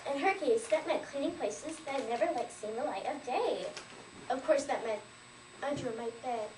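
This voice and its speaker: A woman's voice: high voice, moderate pace, background noise. Woman telling a story with lots of "like"s. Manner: lively storyteller, heavy use of "like". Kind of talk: storytelling recitation at a language fair. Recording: echoey room, mic far off.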